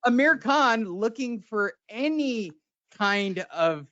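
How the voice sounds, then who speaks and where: A man's voice: sits high, expressive, takes it slowly, bright, forceful tone, dry recording. A man hosting a boxing podcast, ranting sarcastically with lots of swearing. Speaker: podcast host. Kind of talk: profane casual boxing chat. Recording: dull lo-fi sound.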